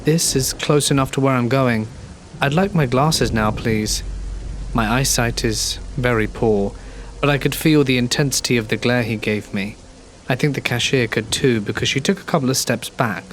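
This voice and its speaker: A man narrating a horror story in a calm, measured, scripted reading. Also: mid-range voice, slight background noise. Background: gentle rain.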